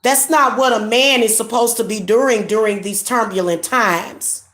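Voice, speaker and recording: A woman's voice: on the high side, measured pace, a bit bright. Indignant woman with an echoey sound. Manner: preachy and indignant, rising to heated scolding; repetitive, with stumbling restarts. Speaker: spiritual reader and livestream host. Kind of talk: casual livestream monologue.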